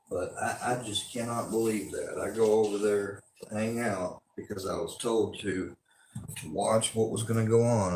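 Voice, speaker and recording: A man's voice: deep voice, roomy sound, slight background noise. A man, ranting angrily and with lots of profanity during a livestream. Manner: angry, profane, rambling rant.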